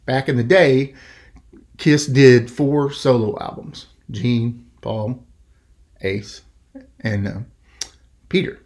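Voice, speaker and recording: A man's voice: mid-range voice, takes it slowly, pauses often. Man telling a rambling podcast story. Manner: rambling, animated, acts out quoted voices. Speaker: podcast host. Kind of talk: casual storytelling.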